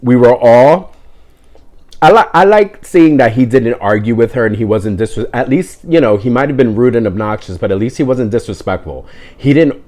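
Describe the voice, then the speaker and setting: A man telling a story in casual, animated fashion, joking and going off on tangents, dropping in Spanish words. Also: medium pitch, moderate pace.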